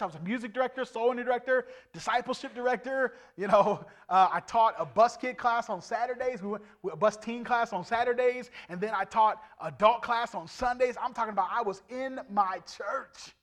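A middle-aged man preaching his testimony as an evangelist, animated and swinging from loud to hushed. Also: very high-pitched. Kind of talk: testimony sermon.

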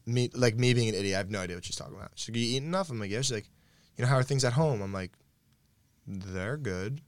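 A man's voice: on the low side, very fast, dry recording. A young man in casual conversation, animatedly telling a story and acting out the quoted dialogue, laughing often.

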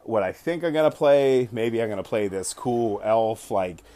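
A podcast host tells the story of a tabletop game session in a casual way, cursing freely and often correcting himself partway through sentences. His voice is fairly low and dark, with lively intonation and a normal speed.

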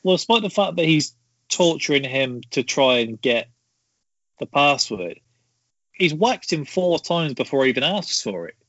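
A man reading out trivia in a casual podcast chat, with a measured delivery and hesitant fillers. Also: on the high side, big pitch swings, fairly bright tone, dry recording. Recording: dry, dull lo-fi sound.

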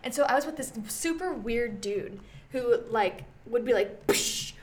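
A woman's voice: a little high, expressive, a little slow, a little mellow, a little hiss or hum. A young woman co-hosting a podcast, telling a story in casual chat with lots of fillers. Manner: chatty storytelling with many fillers. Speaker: podcast co-host.

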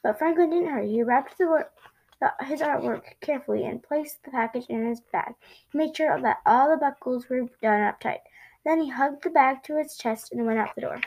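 A woman reading a children's storybook aloud in an expressive way, with small slips. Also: high voice, moderate pace, poor audio. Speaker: storybook reader.

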